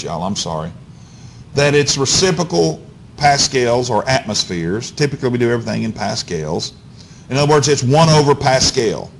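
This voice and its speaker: A man's voice: mid-range voice, a little hiss or hum. A man teaching physics in a recorded lecture, asking rhetorical questions, checking in with "okay?" and repeating key phrases.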